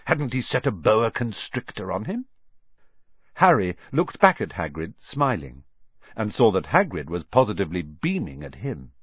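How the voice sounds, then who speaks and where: A man narrating an audiobook in an expressive storytelling manner. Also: fairly low pitch, moderate pace, husky, dry recording, highs cut off. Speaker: audiobook reader. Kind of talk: scripted narration.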